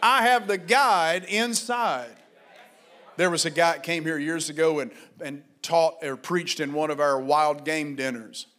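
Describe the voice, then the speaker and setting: Male pastor, high pitch, fervent sermon delivery with shouted peaks. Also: level tone, normal speed, hardly any pauses, some chatter behind. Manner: fervent, rising to shouted exhortations, then quiet storytelling.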